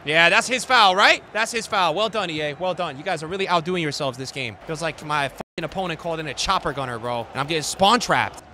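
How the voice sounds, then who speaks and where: A young man streaming a football video game, swearing and ranting, with his voice swinging from low mutters to angry shouts. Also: brisk, few pauses, a little hiss or hum. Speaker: gaming streamer. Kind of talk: raging gameplay commentary.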